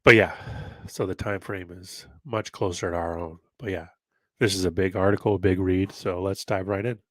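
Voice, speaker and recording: A man's voice: low voice, fairly even intonation, moderate pace, dry recording. A man with a nasal, congested voice, hosting a video and mixing casual commentary with reading aloud. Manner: conversational, musing asides between read passages. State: congested from allergies. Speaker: host of a history-mystery channel.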